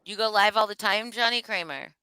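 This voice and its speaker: A woman's voice: medium pitch, brisk, pushed and bright, smooth, no echo, low-quality recording. A tired woman chatting casually on a livestream, swearing freely and laughing at herself. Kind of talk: casual chat.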